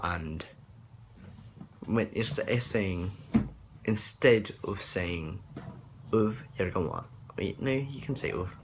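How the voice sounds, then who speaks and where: A man's voice: low-pitched, expressive, slow, pauses often, noisy background. A young man talking casually about accents, rambling and hesitant with many fillers and restarts. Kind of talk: casual accent tutorial vlog.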